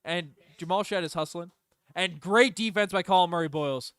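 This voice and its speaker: A young man runs fan play-by-play on a livestream, rattling off plays and bursting out loudly when things swing his team's way. His voice is smooth and a touch high. He sits close to a dry mic with no room sound. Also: no echo. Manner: partisan, swings between rapid calls and loud outbursts. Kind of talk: excited fan play-by-play commentary.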